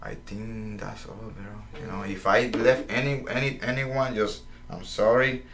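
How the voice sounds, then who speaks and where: A man from Puerto Rico whose first language is Spanish, speaking English with a strong Puerto Rican accent and pausing often to search for words. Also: fairly low pitch, steady tone, vocal fry. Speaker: guest, fighter and coach. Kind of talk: casual interview.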